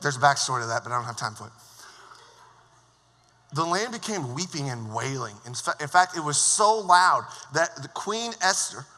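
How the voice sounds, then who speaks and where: A man preaching a sermon as worship leader, telling the story in a lively, joking way. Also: fairly high pitch, normal speed. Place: church sanctuary. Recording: long church hall reverb.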